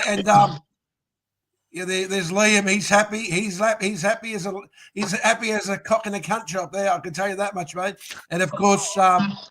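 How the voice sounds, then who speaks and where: High-pitched aussie guy rambling about footy, crude jokes. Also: vocal fry, a bit bright, poor audio. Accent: Australian. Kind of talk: casual sports podcast chat.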